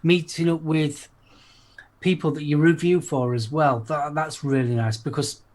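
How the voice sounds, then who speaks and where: Man, Yorkshire accent, relaxed casual chat, reflective, slightly high voice. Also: measured pace. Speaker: podcast co-host.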